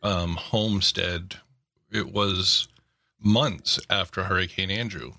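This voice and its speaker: A man's voice: low-pitched, steady tone, creaky, pushed and bright, no echo, clean studio sound. A man with a Northeastern Connecticut accent, chatting casually and teasing his co-host. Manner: teasing, quick to laugh. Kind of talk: casual chat.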